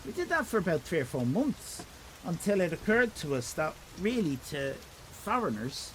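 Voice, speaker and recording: Man, Irish accent, middle-aged, self-mocking live-stream chat, lively pitch, faint rain noise. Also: low-quality recording. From Ireland. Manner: rambling, self-mocking, quick jokey asides to chat.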